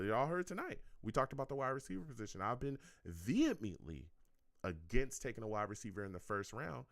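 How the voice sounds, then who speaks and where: A man's voice: fairly low pitch, a bit bright, no room sound, clean studio sound. A man hosting his own sports fan radio show, talking casually and with energy, often repeating himself and tagging lines with "okay?" and "all right?", and joking with his chat. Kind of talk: casual call-in show wrap-up.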